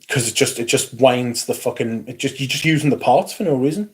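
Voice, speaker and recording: A man's voice: mid-range voice, expressive, fairly quick, few pauses, husky. Sweary Geordie man chatting on a livestream. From Newcastle, England. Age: 40s. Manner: blunt and sweary, with a dry sarcastic edge. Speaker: livestream host. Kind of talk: casual livestream chat reading comments.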